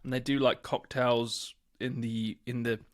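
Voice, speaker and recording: A man co-hosting a podcast, telling stories in a loose, animated, chatty way into a podcast microphone. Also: mid-range voice, a little slow. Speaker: podcast co-host. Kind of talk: casual podcast chat.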